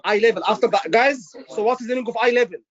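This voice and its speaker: Man, exam tutor, animated, repetitive, muffled lo-fi recording. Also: very high-pitched, racing. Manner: animated, repetitive, acts out doctor lines. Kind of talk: live teaching session.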